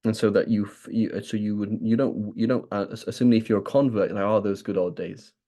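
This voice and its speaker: British man teaching, mellow low voice. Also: fairly even intonation, quick pace. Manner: keeps asking "right?", acts out imagined speakers. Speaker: religious teacher. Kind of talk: conversational lesson.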